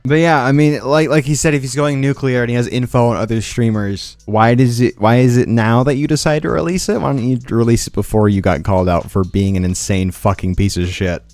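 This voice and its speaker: A man's voice: lowish voice, a little mellow, dry recording. A man giving profane, sarcastic reaction commentary, ranting in disbelief. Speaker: commentary streamer.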